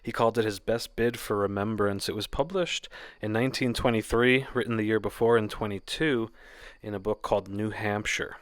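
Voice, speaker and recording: A man giving a casual spoken poetry lesson, explaining in a relaxed way with occasional fillers. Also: lowish voice, no room sound. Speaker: poetry teacher.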